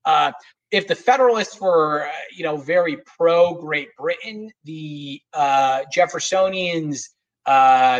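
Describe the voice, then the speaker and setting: Rambling man, slightly high voice. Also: poor audio. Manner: rambling, many fillers and restarts. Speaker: guest historian. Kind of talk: casual podcast interview.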